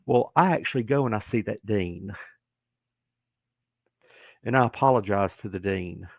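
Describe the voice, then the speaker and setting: Sixties male guest, animated joking storyteller, gravel in the voice. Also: on the low side, unhurried, no room sound. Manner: animated, joking, acts out the people in his stories. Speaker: podcast guest, former pro wrestler. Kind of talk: casual storytelling.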